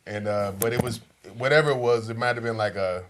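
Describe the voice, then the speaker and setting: A man's voice: medium pitch, fast, a little hiss or hum. A man who is a comedian, guesting on a podcast in a studio, talking casually and laughing easily.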